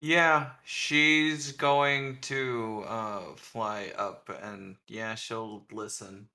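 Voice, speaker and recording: Guy playing a tabletop game, very slow and unsure, bright voice. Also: fairly low pitch, steady tone. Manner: hesitant, short replies. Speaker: player.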